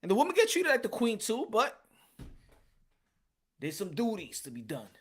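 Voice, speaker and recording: High-voiced man ranting emphatically. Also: huge pitch swings, moderate pace, husky. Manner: emphatic and repetitive, slips into Spanish. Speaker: podcast host. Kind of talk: casual rant.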